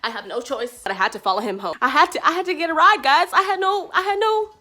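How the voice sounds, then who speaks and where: Animated woman vlogger with a very high, swinging voice, acts out the people in her story. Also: quick pace. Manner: animated, laughing often, acts out quoted lines. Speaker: travel vlogger. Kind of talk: casual storytelling.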